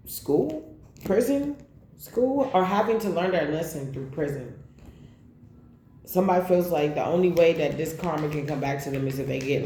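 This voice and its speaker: A woman reads tarot cards in a casual, blunt way, swearing freely as she calls out each card. Her voice is mellow and dark, mid-pitched, and sits in a roomy, echoey space. A faint hum of noise runs behind her. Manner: blunt and profane, calling out cards. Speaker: tarot reader.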